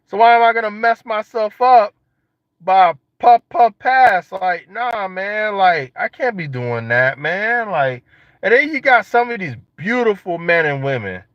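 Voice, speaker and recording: A young man casually joking and riffing to his viewers in a vlog, slangy and animated. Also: high-pitched, unhurried, dry recording. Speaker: vlogger. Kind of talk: casual monologue to camera. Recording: dull lo-fi sound.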